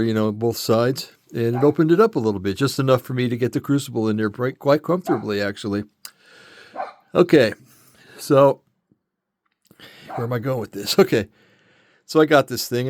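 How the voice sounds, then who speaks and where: A man's voice: medium pitch, a little mellow, dry recording. Older guy a bit out of breath, rambling demo, lots of ums, medium voice, dry sound. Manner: rambling, self-correcting, lots of fillers. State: a little out of breath. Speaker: metal casting hobbyist showing a tool. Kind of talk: casual demonstration.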